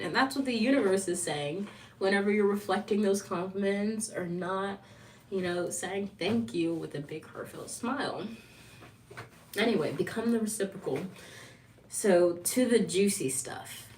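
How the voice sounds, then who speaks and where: A woman chatting casually on a livestream vlog, animated, laughing often, and acting out quoted lines. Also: medium pitch, measured pace, recorded from a distance, a little hiss or hum. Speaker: lifestyle vlogger.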